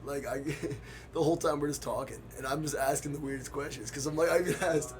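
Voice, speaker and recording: A man's voice: a little high, fairly quick, a little hiss or hum. A young man, a college student hosting a casual chat, curious and rambling with many fillers. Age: young adult. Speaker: college student, podcast host.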